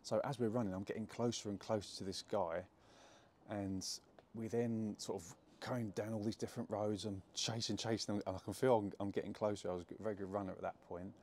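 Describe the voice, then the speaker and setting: A man's voice: fairly low pitch, fairly even intonation, a little fast, a little mellow. A young man telling a personal story to camera in a casual, chatty way, full of fillers and restarts. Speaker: jiu-jitsu gym owner telling a story.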